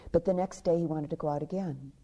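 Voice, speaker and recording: A woman meditation teacher giving a dharma talk. She tells a story softly, often dropping to a hushed near-whisper. Her voice is low, very dark and husky. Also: fast talker, highs cut off. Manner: soft, storytelling with hushed passages.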